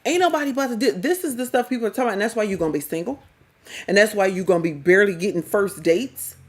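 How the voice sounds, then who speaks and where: A woman's voice: mid-range voice, animated, rapid-fire. A middle-aged woman, giving blunt, slangy, scolding reaction commentary as a vlogger.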